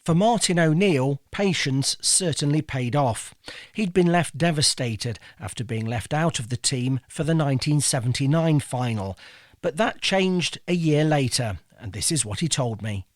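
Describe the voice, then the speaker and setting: Male host, measured narration and prompting questions, dead-dry booth sound. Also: on the high side, animated, no echo. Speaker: host and interviewer. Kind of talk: podcast interview and scripted narration.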